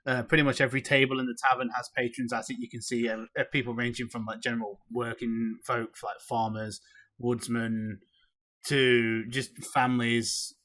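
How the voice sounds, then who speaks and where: A man narrating a tabletop game as game master, relaxed and chatty, with many filler words. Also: mid-range voice, normal speed.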